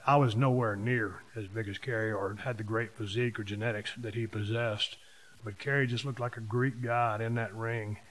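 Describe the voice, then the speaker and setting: A man's voice: fairly low pitch, fairly even intonation, normal speed. Emphatic man in his fifties. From Texas. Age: 50s. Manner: emphatic, punches key words with sudden louder swells. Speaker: podcast host. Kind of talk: casual storytelling monologue.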